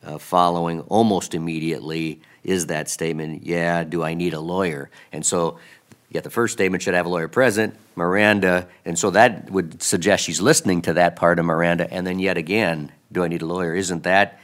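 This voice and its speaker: A man judge questions counsel from the bench, deliberate and careful, often restarting his phrases. His voice is very deep. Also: steady tone, fairly bright tone. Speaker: appellate judge.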